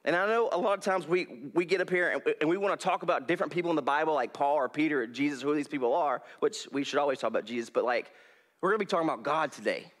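A young male preacher, giving a folksy, animated sermon in a church hall on a headset mic and laughing often. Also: fairly high pitch, very fast.

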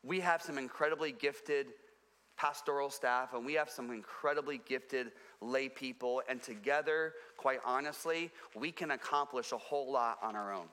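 A man preaching a sermon to his congregation, earnest and repeating phrases for emphasis, dropping low and quiet on his key points. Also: normal speed, long reverb tail. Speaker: pastor. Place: church sanctuary.

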